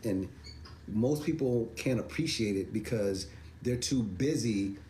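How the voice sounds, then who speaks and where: A man's voice: on the low side, measured pace, dark tone, slight background noise. A man hosting a livestream, talking viewers through crypto charts in an emphatic, repetitive way that climbs to incredulous exclamations. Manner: emphatic, repeats himself, rising to incredulous exclamations. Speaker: crypto commentator.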